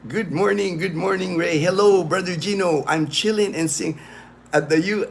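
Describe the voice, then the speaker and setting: A man's voice: on the high side, expressive, normal speed, a little hiss or hum. A man hosting a casual livestream, rambling with many fillers and restarts as he greets viewers by name. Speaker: livestream host.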